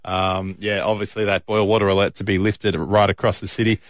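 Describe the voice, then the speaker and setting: A man's voice: on the low side, level tone, a little fast, no echo, clean studio sound. A man hosting breakfast radio, bantering and laughing casually with a guest. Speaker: radio host. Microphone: studio microphone.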